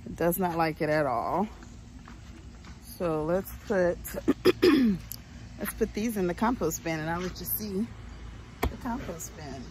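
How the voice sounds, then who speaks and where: A woman's voice: on the low side, a little slow, long pauses, very noisy. A woman chatting casually as she walks through her home garden outdoors, folksy and full of ums. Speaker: homestead vlogger.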